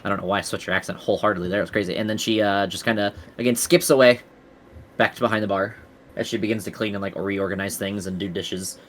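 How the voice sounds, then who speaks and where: Low-voiced man running a tabletop game. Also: steady tone, fast, slight background noise. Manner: casual, laughing, self-correcting. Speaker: game master.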